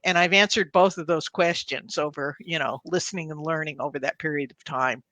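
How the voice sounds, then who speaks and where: An older woman in her sixties speaks as an interview guest, her tone bright and forceful. She talks in a measured, earnest way and acts out what people said in her stories. The sound is dry and close. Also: low-pitched, steady tone, no echo. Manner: measured, earnest, re-enacts dialogue in anecdotes. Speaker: guest, executive coach. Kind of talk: interview storytelling.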